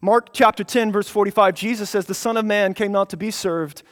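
A man's voice: high-pitched, brisk. A man preaching a sermon, emphatic, repeating phrases for stress and building to passionate peaks. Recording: long hall reverb.

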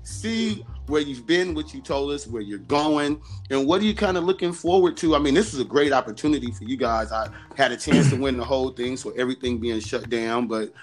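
A man's voice: mid-range voice, animated, a little fast, hardly any pauses, soft background music. A man in his forties, a basketball coach hosting a casual chat, telling stories animatedly and laughing often. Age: 40s.

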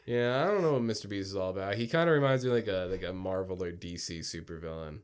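A man's voice: sits low, fast talker, smooth. A young man from New Jersey co-hosting a podcast, telling stories casually with lots of swearing and mock outrage. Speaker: podcast co-host. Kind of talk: casual chat.

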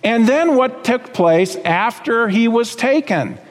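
A man preaching a sermon as pastor, emphatic, climbing high on key words and dropping low again. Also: lively intonation, slow pace, big-room sound.

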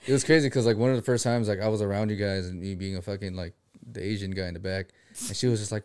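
A man's voice: on the low side, rapid-fire, darkish tone, clean tone. Man, Filipino American, hosting a casual chat; profane, joking, teasing.

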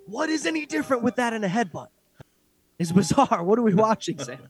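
Profane, ranting man, higher voice. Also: a little fast. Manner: blunt, profane, animated ranting. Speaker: podcast co-host. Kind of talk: casual fight recap chat.

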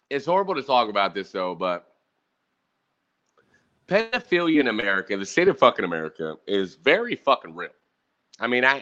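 A man in his thirties hosts a casual podcast chat, ranting, swearing and speaking directly to his audience. His mid-range voice is bright with a forceful tone, captured in dull lo-fi audio.

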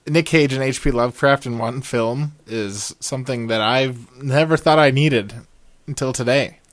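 A man's voice: mid-range voice, moderate pace, dry recording. Jokey male podcast host, dry sound. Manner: relaxed, jokey, lots of ums. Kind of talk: casual movie review podcast chat.

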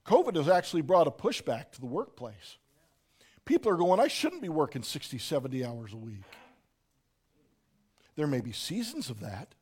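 A man preaching a sermon, dropping to a near hush and then rising to shouts. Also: fairly high pitch, sing-song, moderate pace, pauses often, breathy edge. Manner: swings from soft hush to shouting. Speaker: pastor.

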